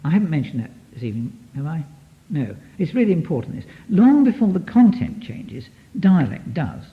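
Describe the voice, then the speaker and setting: Male therapist lecturer, animated and rambling, on a dull archive recording. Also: a little high, normal speed. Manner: lively, digressive, many restarts, taps out rhythms. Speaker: psychotherapist giving a lecture. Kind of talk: lecture to an audience.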